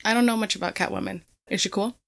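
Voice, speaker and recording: A woman's voice: mid-range voice, fast talker. A woman chats as co-host of a casual podcast. She rambles, trails off and fills gaps with "like", giggling between thoughts. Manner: chatty, giggly, trails off with fillers. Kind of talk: casual chat.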